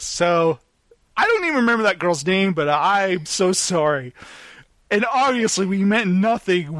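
A podcast host telling a self-deprecating story in casual chat, animated and apologetic in tone. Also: male voice, sits high, measured pace, no echo.

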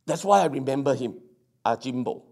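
A male pastor preaching a sermon, telling a story with excited exclamations and stammered restarts. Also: mid-range voice, fairly quick, gravelly.

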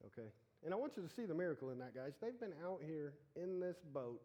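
A man preaching a casual sermon, animated and joking as he talks straight to the congregation. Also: a little high, fast talker.

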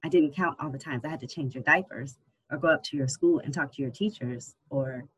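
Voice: medium pitch, fairly quick, breathy edge, lightly acted, poor audio. An audiobook narrator voicing an overbearing, middle-aged, churchgoing immigrant mother who scolds and commands. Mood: scolding.

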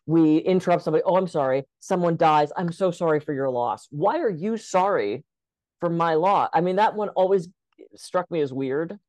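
A woman's voice: on the low side, normal speed, dry recording. Chatty woman telling stories, dry sound. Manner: lively, chatty storyteller who acts out quotes. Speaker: podcast co-host. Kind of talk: casual conversational podcast.

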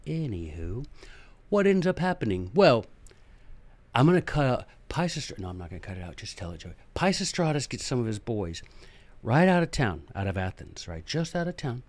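A man's voice: medium pitch, sing-song, normal speed, no room sound. Chatty male storyteller, dry close sound. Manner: chatty, joking asides, acts out characters. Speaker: podcast host. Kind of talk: casual history storytelling.

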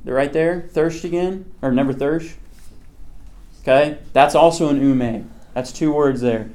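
A man's voice: on the high side, unhurried, dark tone. A man leading a casual Bible study class. He keeps checking in with "okay" and "right" and puts questions to the group. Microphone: slides or screen presentation with a pointer.

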